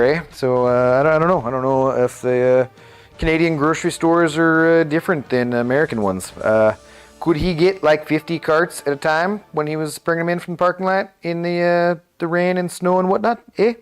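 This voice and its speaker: A man's voice: a little high, brisk, clean tone, soft background music, voice pushed up, lightly acted. A man putting on an exaggerated, hammy Canadian accent, ending his lines with a jokey "eh". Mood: teasing.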